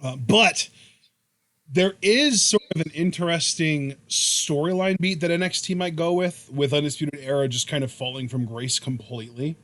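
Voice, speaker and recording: A man's voice: fairly high pitch, normal speed, fairly bright tone. A young man hosting a podcast in casual chat, rambling through long questions. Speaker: podcast host.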